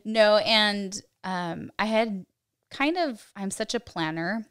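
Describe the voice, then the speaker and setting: A young woman co-hosting a podcast, telling a story casually and acting out what she said in a higher voice. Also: expressive, takes it slowly, a bit bright, clear, resonant tone. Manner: chatty storyteller, acts out quotes in a higher voice. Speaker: podcast co-host. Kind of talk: casual chat.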